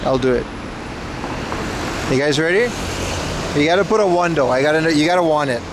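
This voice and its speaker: A man's voice: a little high, moderate pace, noisy background. Joking man streaming from the street. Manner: joking, answers chat questions aloud. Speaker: livestream host. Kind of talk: casual IRL livestream chat. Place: outdoors on city streets.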